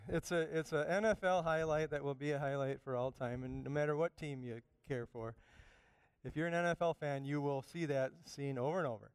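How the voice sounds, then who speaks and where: A man preaching a sermon, animated, swinging from loud emphatic bursts down to quiet asides. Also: a little high, fairly quick, smooth, dry recording, studio quality. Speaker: pastor.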